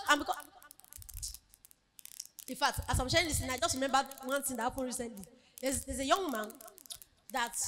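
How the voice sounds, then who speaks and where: With a high, bright, forceful voice, this speaker at a women's conference delivers emphatic motivational preaching. She performs the voices of the characters in her stories.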